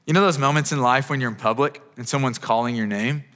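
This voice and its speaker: This pastor, a man in his thirties, talks fast in a mid-range, slightly bright voice. He preaches a sermon in an earnest, conversational manner and frequently starts sentences over, with long hall reverb from the church auditorium.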